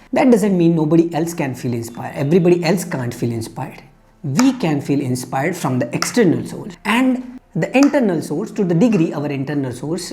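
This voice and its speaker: A man's voice: fairly high pitch, warm tone. A man giving an earnest, emphatic motivational talk, telling a fable to make his point. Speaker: motivational speaker.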